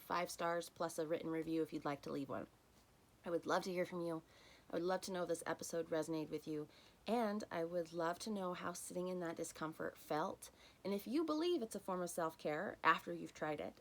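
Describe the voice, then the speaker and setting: A woman hosting a solo self-help podcast, talking in an earnest, encouraging way and softening to near-whispers on key phrases. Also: lowish voice. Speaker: podcast host.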